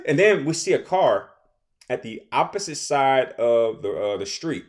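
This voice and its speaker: A young man casually recapping a TV episode, rambling and animated, often acting out characters' lines. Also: medium pitch, unhurried. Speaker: show recap host.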